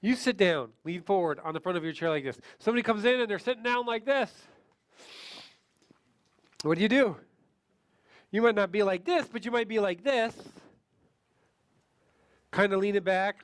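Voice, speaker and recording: Brief: male sales trainer with a fairly high voice. He quizzes the crowd and demonstrates voices in an animated way. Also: moderate pace, pauses often, clean tone. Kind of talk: training seminar talk.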